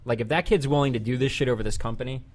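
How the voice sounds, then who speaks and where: A man's voice: medium pitch, racing. Male podcast host, mid-range voice, swearing storyteller who acts out quotes. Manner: animated, profane retelling with voiced quotes.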